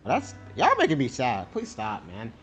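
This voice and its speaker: A man's voice: mid-range voice, wildly swooping pitch, normal speed, slight background noise. A young man streaming a video game, joking and laughing casually as he plays. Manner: joking, laughs, says bro a lot. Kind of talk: casual gaming stream commentary.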